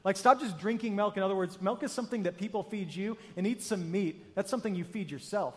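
A man's voice: sits high, quick pace, in a large hall. A man preaching a sermon as pastor, conversational and emphatic, acting out the people he quotes. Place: church auditorium.

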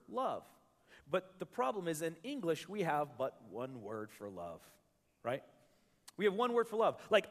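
High-voiced male preacher, echoing hall. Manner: conversational, joking, repeats words when restarting. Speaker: pastor. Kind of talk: sermon. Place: church hall with a live congregation. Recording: reverberant church hall.

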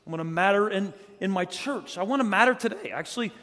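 A middle-aged guest preacher from South Carolina gives a humorous storytelling sermon in a church sanctuary, speaking quickly in a voice that sits high. He jokes casually through loud stories, then turns quiet and earnest. The recording carries a long church-hall reverb.

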